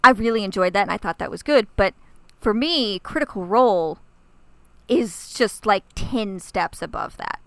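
A woman's voice: medium pitch, lively intonation, moderate pace, a bit bright, no echo. A woman co-hosting a podcast, chatting casually and gushing with enthusiasm. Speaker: podcast co-host. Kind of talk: casual chat.

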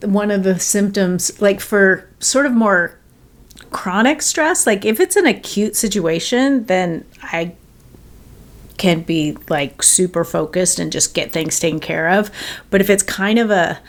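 Podcast co-host, woman, mid-pitch creaky voice, measured and reflective. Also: animated. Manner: thoughtful, hesitant fillers, laughs. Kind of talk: casual chat.

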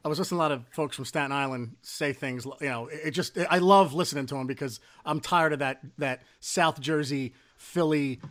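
A man's voice: on the high side, a little fast, few pauses, fairly bright tone. A middle-aged man co-hosting a sports podcast in a slightly raised voice. He tells loose, self-deprecating stories in a chatty way. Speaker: podcast co-host. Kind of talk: casual sports chat.

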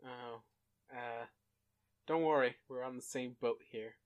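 Slow, hesitant young podcast co-host. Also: male voice, medium pitch, phone-quality sound. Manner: relaxed and hesitant, full of fillers. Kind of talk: casual chat.

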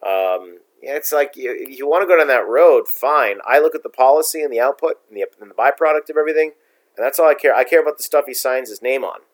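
A middle-aged man at a mid pitch co-hosts a casual political talk show. He rants bluntly and with strong opinions, piling point on point in a plain, unpolished way. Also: animated, fast. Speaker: podcast co-host.

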